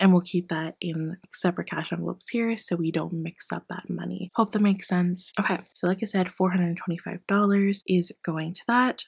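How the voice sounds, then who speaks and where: A woman vlogging about her budget in a casual, chatty way, a little hoarse as she loses her voice, often counting cash out loud. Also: lowish voice, no echo, poor audio. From Canada. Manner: chatty, apologetic, counts bills aloud. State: losing her voice. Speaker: personal finance vlogger.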